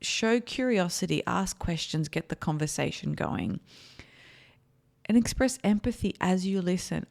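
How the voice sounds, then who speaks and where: A woman's voice: lowish voice, animated, a little slow, creaky, darkish tone. A woman therapist hosting an advice podcast, speaking earnestly and repeating her key points for emphasis.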